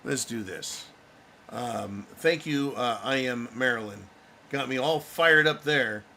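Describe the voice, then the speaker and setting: A man's voice: mid-range voice, takes it slowly, vocal fry, pushed and bright, a little hiss or hum. A man hosting a livestream, giving angry, blunt political commentary and swearing freely. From United States. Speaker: livestream host.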